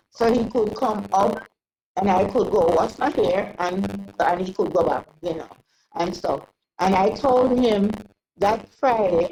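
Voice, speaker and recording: An older woman telling a long personal story in an interview, rambling and halting with many restarts. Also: medium pitch, vocal fry, a little mellow, rough recording. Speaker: interview guest. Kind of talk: casual storytelling.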